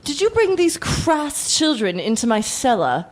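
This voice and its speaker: A woman's voice: high voice, very animated, a little slow, exaggerated voice. A woman voicing a scolding, foul-mouthed 1940s English housewife in a tabletop role-play. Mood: indignant. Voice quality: scolding, swears freely.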